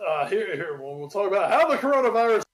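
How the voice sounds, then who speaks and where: High-voiced man in a roomy echo. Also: fast talker. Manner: animated, rambling, swears freely. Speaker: podcast co-host. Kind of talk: casual sports chat.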